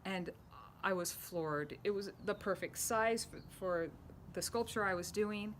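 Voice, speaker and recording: A middle-aged woman sharing a personal story about her rock art in an earnest, heartfelt way, with soft laughs and quiet emotional moments. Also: medium pitch, unhurried, a little hiss or hum.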